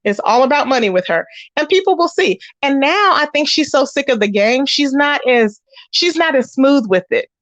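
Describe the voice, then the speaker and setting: Host, woman, high voice, dry close sound, animated gossip storyteller. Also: normal speed, no echo. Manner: animated storytelling, acts out quoted voices, talks straight to viewers. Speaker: commentary channel host. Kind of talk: casual gossip commentary.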